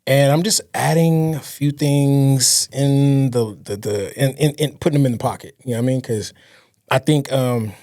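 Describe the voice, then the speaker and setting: A man's voice: medium pitch, steady tone, moderate pace, mellow. A man who is a music artist and podcast co-host, talking casually and laid-back, swearing freely and repeating words as he searches for them. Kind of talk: casual chat.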